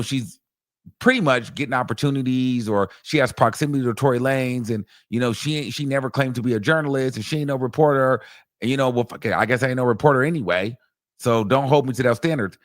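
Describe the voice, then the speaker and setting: A man hosts a casual commentary stream in a loose, gossipy way, with plenty of fillers and profanity. He throws his voice up and down as he acts out other people's words. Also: medium pitch. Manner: chatty, animated and profane, with lots of fillers. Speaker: host.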